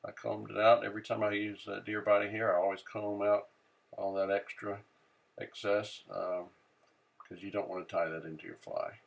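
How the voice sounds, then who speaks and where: A man with a low, gravelly voice talks through fly tying in a relaxed, unscripted way. He pauses often on "uh" and thinks aloud as he works, sounding like a friendly instructor at his bench. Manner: relaxed, many "uh" fillers, thinking aloud while working. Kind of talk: casual how-to narration.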